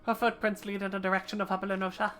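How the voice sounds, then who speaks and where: A woman's voice: medium pitch, little pitch movement, rapid-fire, a bit bright, natural voice. A woman voicing a sly, roguish male thief who talks in old-fashioned rogue slang. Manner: old-fashioned rogue slang, reading game dialogue aloud.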